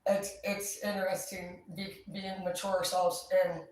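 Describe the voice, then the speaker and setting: A woman's voice: fairly low pitch, flat delivery, measured pace, darkish tone. A woman vlogger talking casually and upbeat, swearing freely as she chats. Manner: chatty, profane, upbeat. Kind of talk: casual chat. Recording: echoey, distant mic, faint ambient noise.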